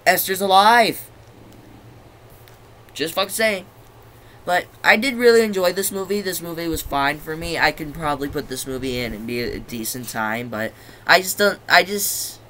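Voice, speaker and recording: A man's voice: mid-range voice, a bit bright, slight background noise. A young man giving a casual, rambling spoken review, swearing freely and losing his train of thought. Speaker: movie reviewer.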